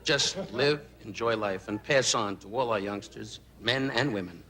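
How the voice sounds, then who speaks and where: Man roasting a guest on stage. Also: on the low side. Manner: rapid-fire insult jokes with mock tenderness. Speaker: celebrity roaster. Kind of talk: stand-up roast. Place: large banquet stage. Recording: echoey stage with loud audience noise.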